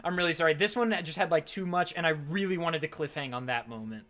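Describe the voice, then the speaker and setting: Bright, fast-talking male game master. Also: on the high side. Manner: rapid, animated narration with many fillers. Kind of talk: narrating a tabletop game.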